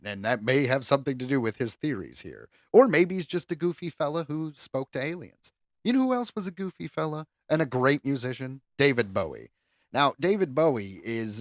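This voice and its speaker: Animated, lively podcast host man. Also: mid-range voice, no echo, studio quality. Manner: animated, self-amused riffing with asides. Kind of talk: casual podcast chat.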